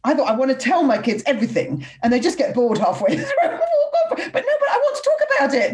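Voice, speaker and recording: Giggly woman, lively pitch. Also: fast talker, a little hiss or hum. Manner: giggly, warm and chatty. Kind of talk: casual chat.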